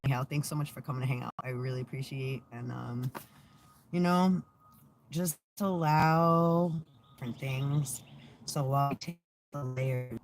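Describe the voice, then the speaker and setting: A woman's voice: very deep voice, moderate pace, slight background noise. A woman hosting her own channel in casual vlog chat. She is sarcastic and swears freely, laughs often, and trails off into fillers and restarts. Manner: profane, sarcastic, laughs a lot. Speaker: channel host.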